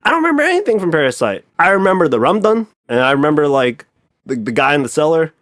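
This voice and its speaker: A man's voice: on the high side, quick pace, dry recording, studio quality. A man in casual podcast chat, rambling and swearing freely, with lots of filler words. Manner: animated, profane, rambling with many "like" fillers.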